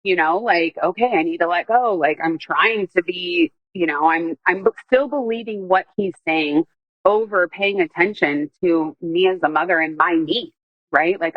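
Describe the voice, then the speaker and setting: A woman with a lowish voice tells a personal story in a loose, rambling way, full of fillers and quoted speech. The recording is dry, with a slightly dull, muffled sound. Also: no room sound. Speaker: guest telling her story.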